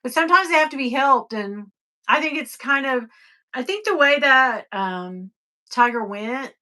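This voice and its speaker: A middle-aged woman hosting a casual livestream, chatting and reading viewer comments. She moves between soft, sighing passages and sudden excited high bursts. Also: unhurried. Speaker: livestream host.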